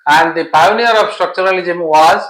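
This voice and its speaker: A man's voice: high voice, normal speed, a bit bright, reverberant, low-quality recording. A man teaching literature for an exam-prep lesson, explaining patiently and stringing synonyms together. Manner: repetitive, listing synonyms, explanatory.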